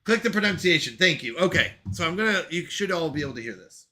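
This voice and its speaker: A male streamer talks casually to his audience with an excitable manner and frequent laughter. His voice sits high and jumps around in pitch. The tone is very bright. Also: fast. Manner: excitable, laughs often, exclaims at himself. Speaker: live-stream host. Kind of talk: casual live-stream chat.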